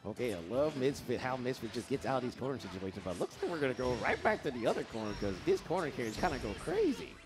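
A man giving playful, excitable live commentary on a fighting game match, acting out the players' thoughts. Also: mid-range voice, fast, few pauses, over music.

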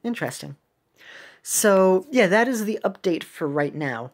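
A woman's voice: mid-range voice, lively intonation, measured pace. A woman casually commenting on a mobile game update and reading its story text aloud, making puns, correcting herself and laughing at her own jokes. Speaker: game video creator.

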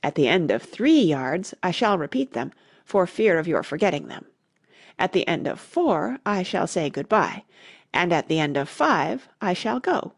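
A woman voicing a brisk, commanding queen in an audiobook. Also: lowish voice, big pitch swings, gravelly, heavily acted. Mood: matter-of-fact. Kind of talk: audiobook character reading.

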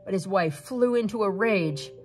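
A woman reading a fairy tale aloud as storyteller, with steady, expressive narration. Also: medium pitch, normal speed, faint music behind.

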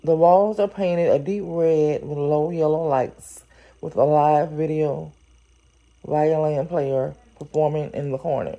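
Slow, gravelly, low-voiced woman storyteller. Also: dull audio. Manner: reads steadily, then breaks in with animated, exclaiming asides. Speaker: storyteller reading a novel aloud. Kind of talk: story reading with chatty reactions.

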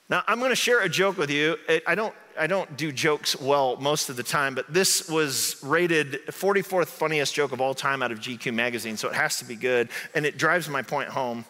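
In an echoey sanctuary hall, a male pastor from southern Indiana preaches conversationally with a fairly high-pitched voice that sounds pushed and bright. He asks "right?" again and again.

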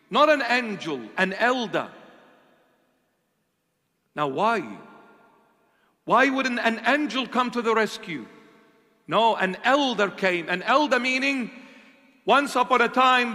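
A high-pitched man preaches slowly in a bright, sharp voice, pressing his listeners with rhetorical questions. His delivery swings between fiery and hushed, and a long church reverb trails behind every phrase. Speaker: bishop preaching. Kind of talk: sermon.

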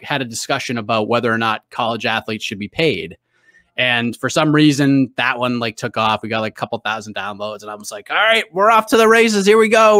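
Man, Boston accent, chatty podcast guest, bright forceful voice, dry close sound. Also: mid-range voice, no echo. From New England, US. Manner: chatty storyteller, lots of fillers and restarts. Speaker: guest, MMA reporter. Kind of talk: casual podcast interview.

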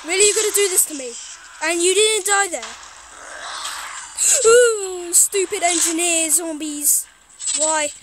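A woman's voice: extremely high pitch, fairly bright tone, slight background noise. A woman playing a horror game, jittery and talking to herself as she goes. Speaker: gaming streamer. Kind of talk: horror game let's play.

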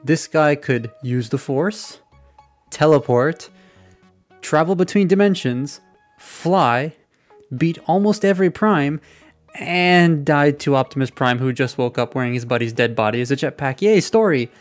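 A man's voice: on the high side, measured pace, faint music behind. A man giving a casual, chatty toy review with offhand, sarcastic asides, speaking into a desktop microphone. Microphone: desktop USB mic.

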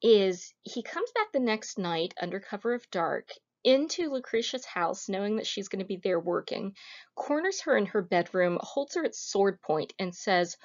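A woman's voice: medium pitch, lively intonation, normal speed. Casual woman lecturing, wry and informal. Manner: informal, wry asides, retells scenes with acted quotes. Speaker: history lecturer. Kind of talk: recorded lecture, casual and conversational. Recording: slightly dull lo-fi audio.

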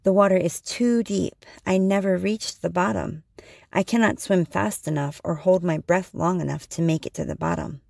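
Woman reading as a calm wise spirit hero. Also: lowish voice, normal speed, creaky, no echo, clean studio sound. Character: wise male spirit hero guiding the animals.

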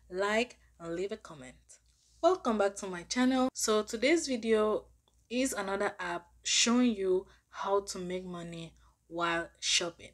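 Woman walking through an app tutorial. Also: mid-range voice. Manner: step-by-step, plainly explanatory. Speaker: finance app reviewer. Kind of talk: tutorial vlog.

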